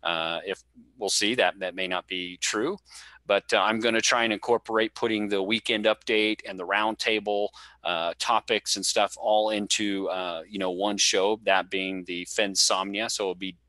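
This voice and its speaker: A man's voice: on the low side, steady tone, moderate pace, pushed and bright, dry recording, low-quality recording. A man hosting a casual late-night talk show, rambling with many fillers and restarts. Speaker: podcast host.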